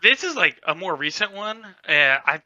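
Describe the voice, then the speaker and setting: A man ranting in an animated, exasperated way during a casual podcast chat. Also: high-pitched, moderate pace, dull audio, crowd noise.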